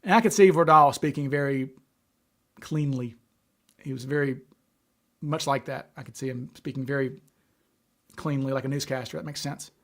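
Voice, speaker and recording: A man's voice: medium pitch, a little fast, a bit bright. A man hosting a casual livestream, talking in a loose, chatty way, stuttering often and repeating and restarting his words. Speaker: livestream host.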